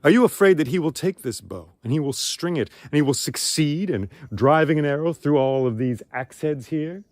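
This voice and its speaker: A man's voice: a little high, expressive, moderate pace, hardly any pauses, no room sound, voice pushed up, lightly acted. A man storyteller voicing an earnest young prince pressing his challenge.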